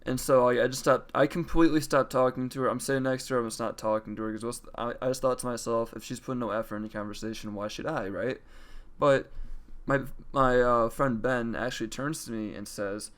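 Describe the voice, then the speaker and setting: A man's voice: mid-range voice, fairly even intonation, a little fast. Casual young man telling a story. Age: young adult. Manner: casual, profane, chatty retelling; acts out quoted lines in varied voices.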